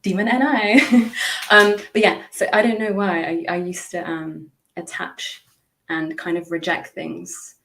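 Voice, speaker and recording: A woman's voice: fairly low pitch, level tone, unhurried, vocal fry, sharp tone. A woman guest on a podcast, talking casually and reflectively, chatty with frequent laughs and lots of fillers and restarts. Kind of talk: casual reflective interview talk.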